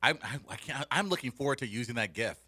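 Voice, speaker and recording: Male co-host, bright voice, laughs a lot, animated storyteller. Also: mid-range voice, fast talker, breathy edge. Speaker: radio show co-host. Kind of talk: casual banter.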